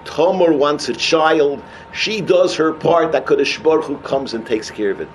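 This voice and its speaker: A man with a giving a sermon as an animated storyteller who mixes in Hebrew and terms. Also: on the high side, normal speed, slight background noise, low-quality recording. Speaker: rabbi.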